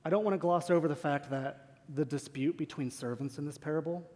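Earnest preacher in a reverberant hall. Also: male voice, fairly high pitch, fairly quick, dark tone. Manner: earnest, emphatic, rhetorical questions. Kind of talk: sermon. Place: church sanctuary.

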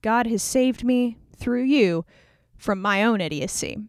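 A woman's voice: on the high side, measured pace, clean tone, no room sound, studio quality. A woman voicing an exasperated young male warrior-king who talks in casual modern slang. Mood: relieved.

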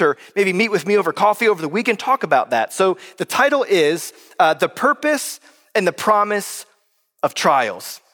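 A man's voice: sits high, fairly bright tone, big-room sound. A pastor preaching a sermon to his congregation in a casual, conversational way, often calling them guys. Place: church sanctuary.

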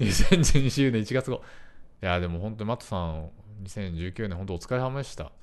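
Rapid, lively-voiced male podcast host. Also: fairly low pitch, clear, resonant tone. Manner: eager, reacts with frequent backchannels. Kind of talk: casual podcast chat.

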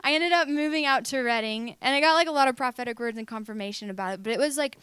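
A woman's voice: high-pitched, quick pace, fairly bright tone, clear, resonant tone, dry recording. A young woman sharing a personal testimony in a candid, filler-heavy way, acting out what people said. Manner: candid, filler-heavy storytelling with acted-out quotes. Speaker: speaker sharing her faith story.

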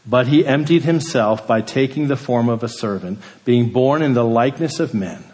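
A man preaching a sermon, building emphasis on key words and then dropping to a quiet hush. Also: medium pitch, normal speed, big-room sound. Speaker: pastor.

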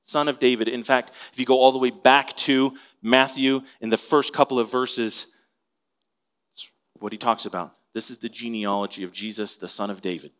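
A man's voice: medium pitch, fairly even intonation, moderate pace, fairly bright tone, smooth. Male pastor, conversational sermon delivery, mid-range voice, asks questions. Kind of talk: expository sermon.

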